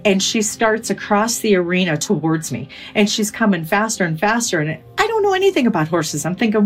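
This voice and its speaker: A woman's voice: mid-range voice, very animated, a little fast, few pauses, faint music behind. A middle-aged woman telling a vivid, emotional personal story in an interview.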